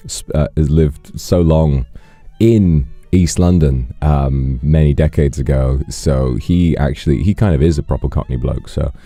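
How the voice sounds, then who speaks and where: A man's voice: rumbling low, a little slow, mellow, no echo, soft background music. A man hosting a casual live stream, rambling through anecdotes and thanking donors. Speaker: livestream host.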